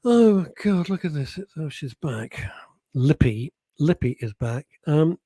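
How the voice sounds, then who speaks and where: A man's voice: on the high side, big pitch swings, slow pace, mellow, slightly rough, no echo. A man hosting a casual radio show, chatting, teasing listeners and laughing often. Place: radio studio.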